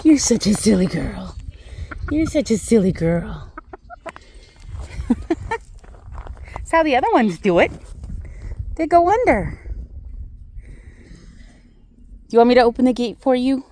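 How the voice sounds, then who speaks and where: A woman chats with her farm animals outdoors in cooing baby talk. Her voice sits fairly high and swoops up and down. She talks slowly and fondly, with faint bleating in the background. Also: big pitch swings, dark tone, a little hiss or hum. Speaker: hobby farmer vlogger. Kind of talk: casual farm vlog talk. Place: outdoor barnyard.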